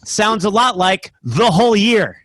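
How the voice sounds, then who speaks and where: A man's voice: sits high, sing-song, measured pace, a bit bright, dry recording. A man in his fifties doing a stand-up comedy set over a video call, telling jokey stories with lots of fillers. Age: 50s.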